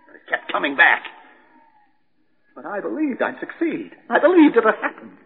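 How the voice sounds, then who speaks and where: A man's voice: sits high, wildly swooping pitch, normal speed, vocal fry, heavily acted. An actor playing a desperate, unhinged male chemist in a vintage radio drama, ranting and quoting scripture with stammers. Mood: ranting, despairing. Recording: tinny band-limited old recording, echoey.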